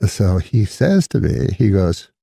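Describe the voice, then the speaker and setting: A man's voice: low voice, big pitch swings, unhurried, gravelly, mellow, husky, no echo. A comedian telling a long anecdote in casual conversation, laughing as he goes and acting out the people in it. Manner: acts out quoted voices, laughs mid-story. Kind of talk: casual storytelling.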